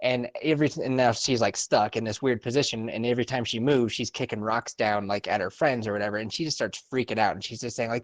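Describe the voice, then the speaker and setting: A man's voice: mid-range voice, a little fast, hardly any pauses, no echo. A young man co-hosting a podcast, telling a story in casual, profane chat and laughing often. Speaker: podcast co-host.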